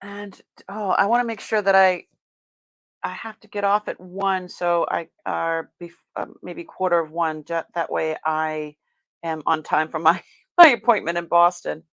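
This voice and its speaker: A woman's voice: on the low side, fairly even intonation, a little slow, fairly bright tone, dry recording. Chatty woman hosting a live sale. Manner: chatty, exclaiming, laughing often. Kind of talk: live-stream unboxing chat.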